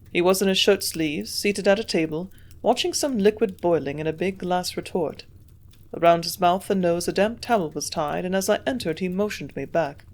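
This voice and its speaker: A woman's voice: fairly low pitch, darkish tone. Woman reading an audiobook. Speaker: audiobook narrator. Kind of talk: audiobook narration.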